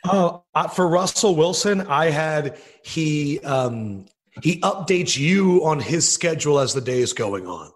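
Playful podcast host, higher voice. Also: male voice, animated, measured pace. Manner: playful, riffing jokes, laughing. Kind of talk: casual comedic chat over a video call.

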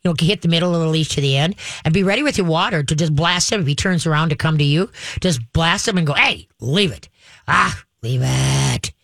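Woman dog-training host, brisk and practical, demonstrates commands calmly, dry close recording. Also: deep voice, dry recording. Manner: direct, instructive, acts out calm dog commands; frequent checks like "okay?" and "all right?". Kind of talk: casual advice to a caller.

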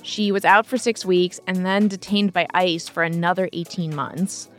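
A woman co-hosting a podcast, her voice sitting a little low. She narrates and reads ads with upbeat, crisp presenter energy while music plays underneath. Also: fairly even intonation, moderate pace. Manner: upbeat, clear presenter delivery. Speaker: podcast co-host.

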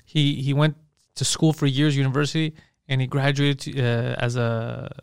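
A man telling crude, animated stories in casual chat, swearing freely and acting out what people said. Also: mid-range voice, moderate pace, creaky, clean tone, no room sound, studio quality. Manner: swearing, animated, acts out quotes.

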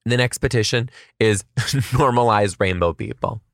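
A man, a schoolteacher, hosting a comedic solo podcast with quick asides and rhetorical questions. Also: mid-range voice, fairly bright tone, dry recording, clean studio sound.

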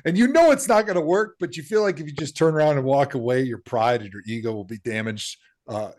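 A man co-hosting a casual podcast, telling stories with animated delivery and putting on voices for the people he quotes. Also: mid-range voice, quick pace. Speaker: podcast co-host. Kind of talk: casual storytelling chat.

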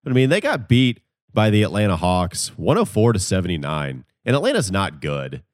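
A man hosting a sports podcast, relaxed and steering the conversation with questions and quick recaps. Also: low-pitched, no room sound, clean studio sound. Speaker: podcast host. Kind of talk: casual sports podcast chat.

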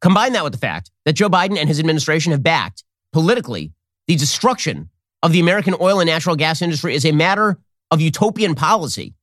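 A man hosting a political commentary show, talking in a rapid, sarcastic, mocking monologue. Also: on the high side, very animated, fairly bright tone, no echo, studio quality. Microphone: studio mic with earpiece.

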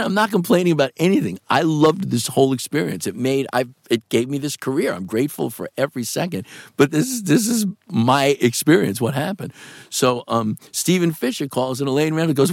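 A man in his sixties from New with a gravelly voice, animatedly telling stories in a casual interview. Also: normal speed, dry recording, clean studio sound. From New York. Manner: animated, swings pitch for quoted voices. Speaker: actor guest.

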